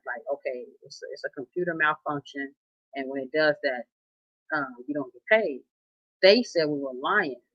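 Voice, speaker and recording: A woman's voice: sits low, no echo. A woman tells a story in a loose, chatty way. She circles back on her points and quotes people as she goes. The sound is dry and a bit muffled. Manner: animated, conversational, repeats herself, quotes others. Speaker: storyteller recounting a casino dispute. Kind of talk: casual storytelling.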